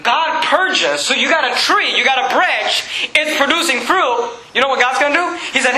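A male pastor preaching an emphatic, shouting sermon in a church. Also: very high voice, fairly quick, few pauses, echoey room, poor audio. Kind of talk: fiery sermon.

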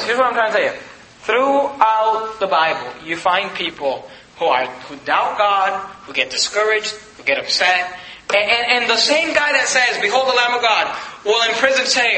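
A man preaching a sermon in a very high, piercingly bright voice. He reads scripture and presses each point with rising emphasis. The recording rings with a roomy echo. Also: moderate pace, slight background noise. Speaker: pastor. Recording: echoey hall.

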